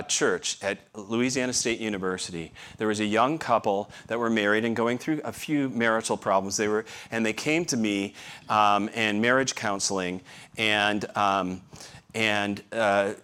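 A man's voice: lowish voice, bright, forceful tone. A middle-aged man, a pastor, giving a conversational sermon full of rhetorical questions and wry self-deprecating humor.

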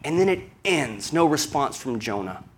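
A man's voice: mid-range voice, sing-song, moderate pace, breathy edge. A man from the American South with a Southern accent, preaching a sermon in a conversational storytelling way, full of rhetorical questions. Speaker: pastor.

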